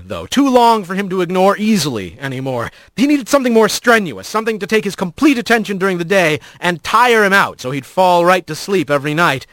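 A man narrating a storybook with an expressive, animated reading. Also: a little high, no echo. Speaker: audiobook narrator.

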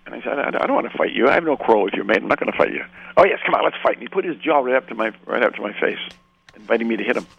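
An older man from Canada tells long, rambling anecdotes as a guest on a radio interview, slipping into the voices of the people he describes. His voice is gravelly and husky. The sound is dry and dull, with a muffled radio quality. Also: medium pitch, expressive, rapid-fire. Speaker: guest film director.

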